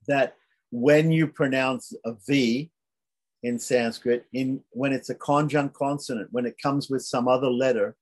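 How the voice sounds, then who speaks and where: A man teaching a beginners' Sanskrit lesson, patiently repeating each sound slowly so learners can follow. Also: medium pitch.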